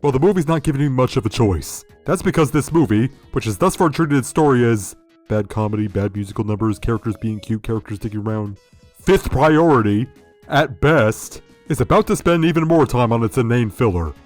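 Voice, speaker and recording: A man's voice: medium pitch, animated, moderate pace, faint music behind. A man hosting a critical video review, sardonic and profane. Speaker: video essay host.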